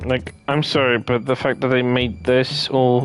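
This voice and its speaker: Male streamer, mid-pitched, tired but thrilled, live gameplay reaction. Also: a little slow, few pauses, clean tone, faint music behind. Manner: excited, talks to himself while playing. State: tired and sleepy. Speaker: streamer reviewing a game. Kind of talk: live game reaction commentary.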